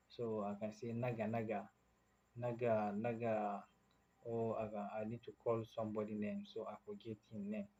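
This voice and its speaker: A Nigerian man teaching phrases as a casual language lesson, repeating each phrase slowly and switching between languages. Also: on the low side, warm tone, lo-fi sound, a little hiss or hum.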